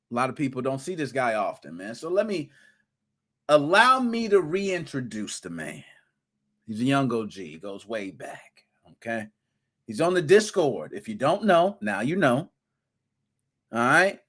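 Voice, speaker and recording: A man hosting a live gaming podcast, giving playful, hyped-up shout-outs to his chat with slang and rhymes. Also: medium pitch. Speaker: podcast host.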